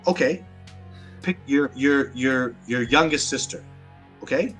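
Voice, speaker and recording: A man's voice: mid-range voice, a little slow, a bit bright, soft background music. A man with a Canadian accent, speaking as an interview guest in an emphatic, combative way, often repeating words as he gets worked up. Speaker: interview guest, Sasquatch researcher. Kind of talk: animated interview talk.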